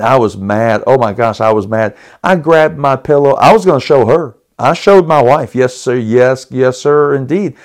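A middle-aged man hosting a podcast, telling a personal story in an animated, dramatic way with chuckles and restarts. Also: mid-range voice, moderate pace, hardly any pauses. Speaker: podcast host.

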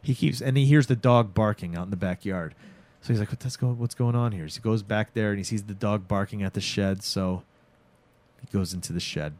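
Animated man retelling a show. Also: fairly low pitch, a little fast. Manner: animated, acts out characters' lines, swears freely. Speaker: podcast host recapping a show. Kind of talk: casual chat.

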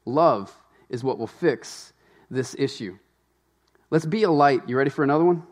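A man, a pastor, preaching a sermon in a conversational, animated way with asides to the congregation. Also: mid-range voice, normal speed.

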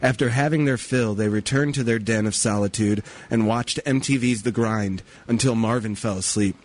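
A man's voice: fairly low pitch, normal speed. A man narrating a comedy sketch in a mock-dramatic storybook manner.

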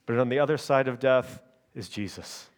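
Man preaching, emphatic and measured. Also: medium pitch. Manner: checks in with the congregation through repeated tag questions. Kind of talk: sermon.

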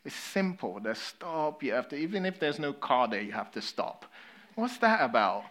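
A man from England with an English accent, a pastor delivering a sermon. He tells stories with energy, then drops to hushed, sober emphasis. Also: on the high side, moderate pace, a little hiss or hum. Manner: storytelling, swinging between lively and hushed, sober.

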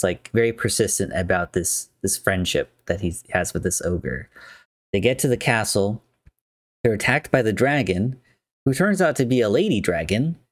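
Low-voiced man casually recapping a film. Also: no room sound, studio quality. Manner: rambling, filler-heavy, chatty.

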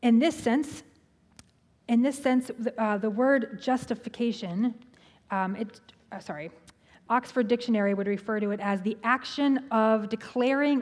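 A middle-aged woman pastor preaches a sermon in a church, her voice on the high side and unhurried. She talks conversationally, restarting phrases and tossing in humorous asides. The low-quality recording carries loud background noise.

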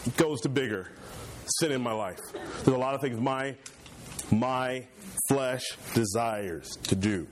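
A man preaching a sermon, building repetitive points with fervor and pushing his voice higher as he gets passionate. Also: unhurried, slight background noise. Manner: impassioned, voice climbs high when fervent.

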